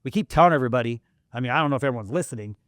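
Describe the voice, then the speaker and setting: A man co-hosting a podcast in casual chat, hyped and emphatic, sometimes bursting into shouting. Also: mid-range voice, animated, rapid-fire, dry recording, studio quality. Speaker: podcast co-host.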